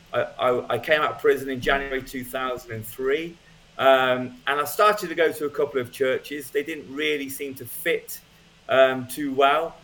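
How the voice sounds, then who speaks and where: A man shares his own story as a guest speaker, unhurried and conversational. His telling is loose and natural, with frequent ums and little restarts, and his voice sits in an ordinary middle pitch. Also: fairly bright tone. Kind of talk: personal testimony, casual storytelling.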